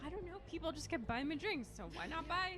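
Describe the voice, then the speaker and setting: A woman in her twenties co-hosting a podcast, telling a story in casual chat with many pauses and fillers. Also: very high-pitched, lively intonation, background noise. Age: 20s. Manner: rambling, hesitant with fillers, laughing. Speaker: podcast co-host.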